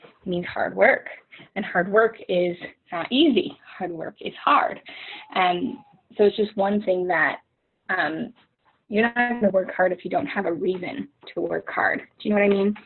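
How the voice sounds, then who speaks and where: A woman's voice: mid-range voice, a little slow, slight background noise. A young woman giving an informal motivational talk over a video call, rambling, with many fillers and restarts. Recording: narrow phone-like video call audio.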